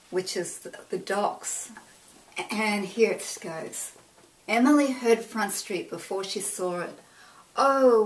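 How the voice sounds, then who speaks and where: A woman reading a picture book aloud as a teacher. She reads expressively and pauses to comment on the pages. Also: medium pitch, recorded from a distance, slight background noise, low-quality recording. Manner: expressive read-aloud, pausing to point out details.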